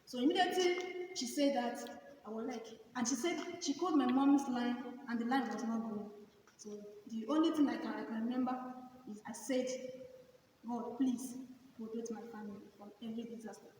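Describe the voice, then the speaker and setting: A woman's voice: on the high side, a little fast, a little mellow, a little hiss or hum. A young woman giving an earnest church testimony, growing fervent. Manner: earnest, rising to fervent exclamations. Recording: echoey hall from far off.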